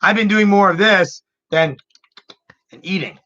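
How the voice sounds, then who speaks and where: A man's voice: sits high, measured pace, bright, forceful tone, lo-fi sound. A man hosting his own show, chatting casually in an upbeat, rambling way and often repeating his words. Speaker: show host. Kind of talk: casual chat.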